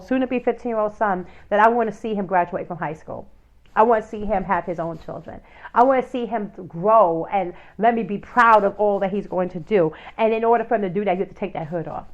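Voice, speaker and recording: A woman's voice: mid-range voice, normal speed, highs cut off. A woman in her thirties or forties, hosting a talk show and speaking in an impassioned monologue full of rhetorical questions and fillers. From United States. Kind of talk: passionate opinion monologue.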